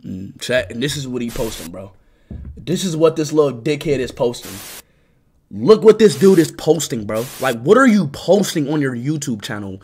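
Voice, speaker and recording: A man's voice: medium pitch, sing-song, moderate pace, a little mellow, a little hiss or hum. A young man livestreaming, ranting at his chat with constant swearing and repeated "bro".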